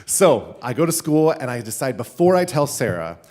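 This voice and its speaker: A man, a teacher, telling a funny personal story live at a school event, animated and laughing between lines. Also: medium pitch, normal speed. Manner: animated, laughing, with many "like" fillers.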